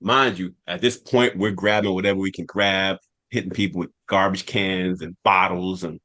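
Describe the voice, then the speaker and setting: A man on a podcast telling a long personal story in casual talk, animated, repeating phrases for emphasis. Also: deep voice, moderate pace. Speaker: podcast cast member.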